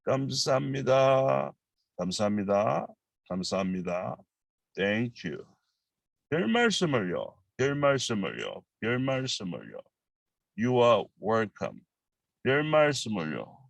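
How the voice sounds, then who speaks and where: A middle-aged man with a Korean accent, teaching a relaxed language lesson, explaining slowly in halting English with many fillers and repeating Korean phrases quickly. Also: mid-range voice, creaky, no room sound, poor audio.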